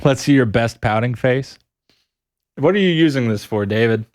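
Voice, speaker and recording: A man's voice: medium pitch, lively intonation, moderate pace, darkish tone. A man streaming a video game live, upbeat and playful as he chats with his viewers. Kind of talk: casual live-stream chat while gaming. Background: game music.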